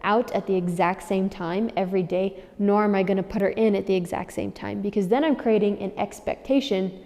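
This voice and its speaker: A woman's voice: medium pitch, steady tone, brisk, mellow, in a large hall. A woman dog trainer giving firm, practical instructions to new owners, repeating key warnings for emphasis. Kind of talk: instructional handover talk.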